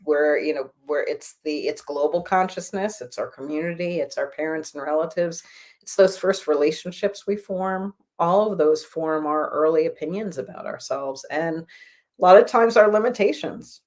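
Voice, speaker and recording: A woman healer speaks in an interview with a slightly low voice. She sounds earnest and encouraging, and she is reflective as she talks about moving past hard times. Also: moderate pace, darkish tone. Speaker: spiritual healer guest. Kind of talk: conversational interview.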